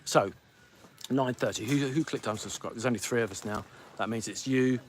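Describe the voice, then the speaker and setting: A man's voice: medium pitch, slight background noise. A middle-aged man hosting a live podcast stream from home, grumpy and theatrical, rattling on like an auctioneer. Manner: grumpy, theatrical, pleading with viewers; rapid-fire like an auctioneer. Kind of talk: casual live-stream chat.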